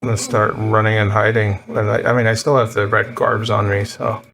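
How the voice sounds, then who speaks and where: A man's voice: fairly low pitch, level tone, brisk, creaky, crowd noise. A man playing a tabletop game who talks in a laid-back, offhand way. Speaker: player. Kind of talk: casual tabletop play.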